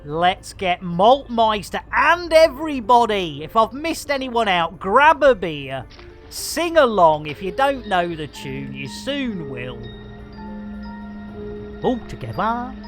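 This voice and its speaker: Excitable woman streamer. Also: medium pitch, takes it slowly, soft background music. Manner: excitable, exclaiming, thanking viewers. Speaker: game streamer. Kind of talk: live gaming stream chat.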